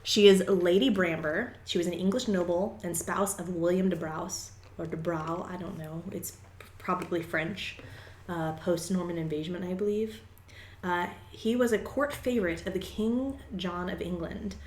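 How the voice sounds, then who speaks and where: A woman's voice: fairly low pitch, fairly even intonation, normal speed, echoey room, a little hiss or hum. A young woman co-hosting a podcast, explaining things at length in casual chat with lots of fillers. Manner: rambling explainer with many fillers. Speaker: podcast co-host.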